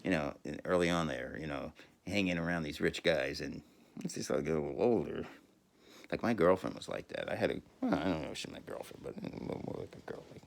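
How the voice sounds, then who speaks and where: A New York man in his 50s, with a rumbling low, creaky voice, talks fast through a crude comic monologue. He rambles as a storyteller, swearing and laughing throughout.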